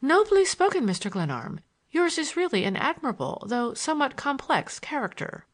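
A woman's voice: mid-range voice, very animated, fairly quick. A woman voicing a scornful young woman who mocks with cold disdain in an audiobook. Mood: mocking.

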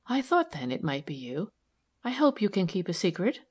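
A calm, direct young woman detective with a quiet, level way of speaking, as a woman reads her in an audiobook. Her voice sits on the low side. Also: normal speed, slightly rough. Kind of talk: audiobook character voice.

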